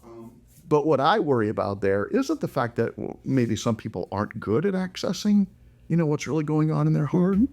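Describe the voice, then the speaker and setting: A man's voice: fairly high pitch, very animated, a little fast, darkish tone. A middle-aged man, a psychologist co-hosting a casual conversational podcast, talking animatedly and acting out quoted lines. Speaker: co-host, psychologist.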